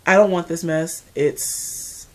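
A woman from the Mid-Atlantic United States with an American accent, chatting casually to camera as a beauty vlogger, animated and full of asides. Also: lowish voice, slow.

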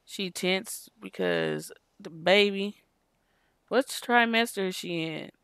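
Slow, chatty woman gaming host. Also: lowish voice, fairly bright tone, clean tone, dry recording, studio quality. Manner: chatty, slangy, breaks into sing-song. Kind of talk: casual gameplay commentary.

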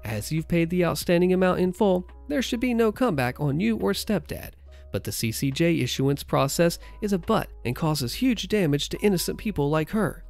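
A man voicing a calm, reasonable father in a story reading, measured and explanatory. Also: high-pitched, gravelly, faint music behind.

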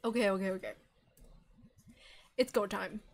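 A woman's voice: mid-range voice, normal speed. A woman streamer reacting playfully to a game with giggly comments.

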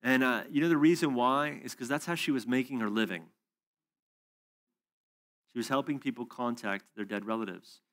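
Animated man telling a sermon story. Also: mid-range voice, normal speed, long pauses. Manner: animated storytelling, acts out both sides of dialogue. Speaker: conference speaker. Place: church hall or conference room.

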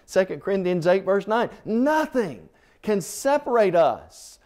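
A man's voice: sits high, very animated, unhurried, darkish tone. A man preaching a televised sermon, reading scripture with impassioned, swelling emphasis and calling the listener "friend.".

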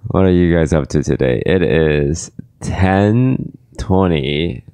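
A tired, groggy man co-hosting a casual podcast chat with a dry, deadpan delivery. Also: sits low, takes it slowly, clean tone, no room sound. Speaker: podcast co-host.

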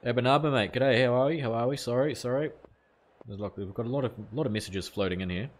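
A man's voice: medium pitch, quick pace. A young man from New Zealand with a New Zealand accent, casually commentating a cricket game while chatting with his viewers. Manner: casual, chatty, reads out chat messages, mild swearing. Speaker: gaming streamer.

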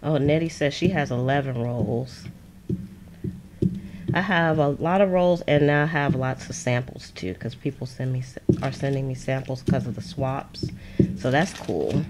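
Lady, pretty low voice, yapping with her viewers while she glues stuff at her desk, laughs a lot, bit of hiss. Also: measured pace. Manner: chatty, laughs often, answers viewers' comments. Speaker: crafting channel host. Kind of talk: casual crafting livestream chat. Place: home craft desk.

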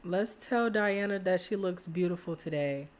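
A woman, chatting excitedly to viewers while playing a life-sim game. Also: fairly low pitch, normal speed. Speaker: gaming streamer. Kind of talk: casual let's-play commentary.

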